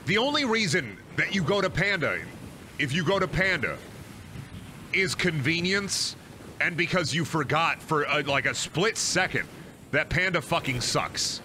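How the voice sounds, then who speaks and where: While streaming a game, a man chats casually and rants in an animated way, swearing a lot. His voice is fairly high, with slight background noise.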